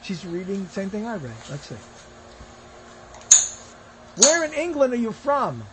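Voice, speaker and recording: A man's voice: high voice, sing-song, a little slow, heavy background noise. A man giving bemused, off-the-cuff commentary as he browses live streams and reads the comments aloud.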